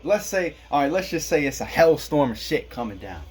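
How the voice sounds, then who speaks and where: A man's voice: on the high side, sing-song, a little fast, breathy edge, faint music behind. A man from Kansas delivering a rambling, profane casual monologue, chuckling at his own jokes. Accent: Black American English. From Kansas, USA. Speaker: vlogger.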